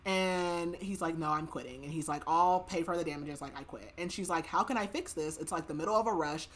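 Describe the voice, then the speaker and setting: A woman with a low voice speaks briskly on her podcast, recapping a novel's plot in a casual, chatty way. She quotes the characters and fills her speech with "like." There's a little hiss or hum in the audio.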